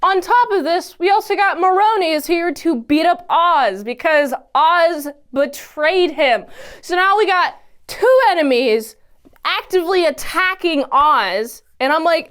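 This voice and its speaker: A woman giving a casual, animated recap of a TV episode, often exclaiming and acting out the characters' lines. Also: very high voice, measured pace. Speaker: TV episode reviewer.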